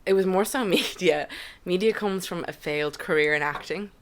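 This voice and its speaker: A young Irish woman chatting candidly as a podcast guest, with quick asides. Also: fairly low pitch. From Ireland. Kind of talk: casual podcast chat.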